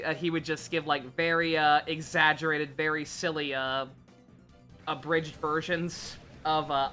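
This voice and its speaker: A woman's voice: deep voice, sharp tone. A woman streaming a game live, chatting casually in a rambling, profane way with lots of fillers. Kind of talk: casual live gameplay commentary.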